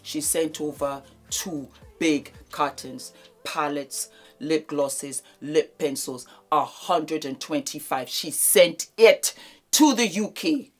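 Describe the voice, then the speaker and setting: A woman's voice: sits low, slow pace, soft background music. A woman in her fifties giving an emotional speech, effusive and repeating her thanks over and over. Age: 50s. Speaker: beauty vlogger giving a thank-you speech.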